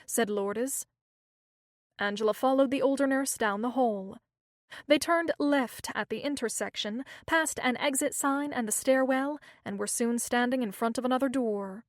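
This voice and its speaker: A woman narrating a thriller audiobook in a steady, measured reading. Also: a little high, dry recording, clean studio sound. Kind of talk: scripted narration.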